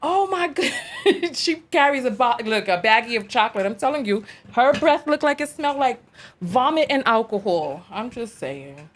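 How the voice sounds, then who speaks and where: A woman's voice: on the high side, expressive, moderate pace. A woman hosting a reaction video, commenting in an exasperated, dramatic way and laughing through it.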